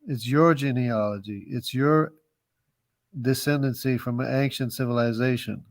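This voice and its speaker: A man's voice: mid-range voice, steady tone, normal speed. A man with a mid-range voice pushes his point in a heated debate. He insists and repeats himself to get an answer. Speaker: debate participant.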